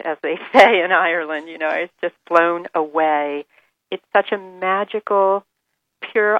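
A woman author telling stories as a radio guest, enthusiastic and animated. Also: low-pitched, no room sound, narrow, tinny audio. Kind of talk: radio interview.

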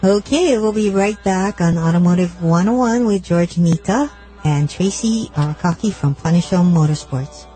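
A man relays callers and cues breaks on a radio show in a matter-of-fact way. His voice is high yet mellow. Music plays softly behind him. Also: moderate pace. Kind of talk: call-in radio talk.

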